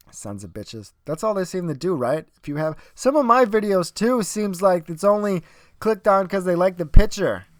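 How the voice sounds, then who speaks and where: A man's voice: fairly high pitch, no room sound, clean studio sound. A young man hosting a solo podcast, rambling and swearing, arguing with himself. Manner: profane, rambling, self-arguing. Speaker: podcast host.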